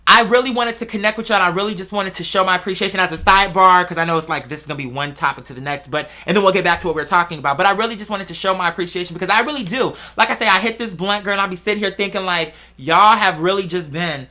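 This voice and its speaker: A young adult woman hosts a podcast in a lowish voice, racing along with few pauses. Her casual monologue is rambling, profane and animated, and she calls her listeners "girl".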